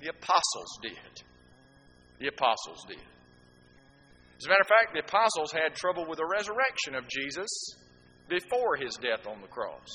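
A man's voice: on the high side, huge pitch swings, normal speed, pauses often, bright, forceful tone, husky. A man preaching a sermon to a congregation, asking rhetorical questions and throwing in asides to the listeners. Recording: echoey hall with faint background noise.

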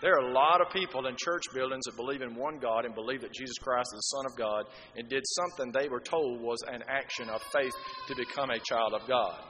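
A middle-aged man preaching a sermon, swinging from quiet explanation to loud, emphatic appeals. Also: mid-range voice, a little fast. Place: church hall. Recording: long hall reverb.

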